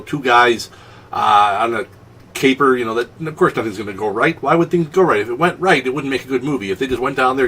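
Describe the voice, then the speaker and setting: A man's voice: medium pitch, fairly bright tone, recorded from a distance, slight background noise. A man hosting a casual solo film review, rambling with many ums and restarts.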